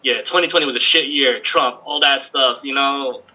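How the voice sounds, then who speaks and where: A man chats as a guest on a gaming podcast, excitable and quick to laugh, often tripping over his words. His voice is very bright with a husky edge. The recording sounds dull and lo-fi. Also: medium pitch. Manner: excitable, laughing, stumbling repeats. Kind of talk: casual chat. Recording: dull lo-fi audio.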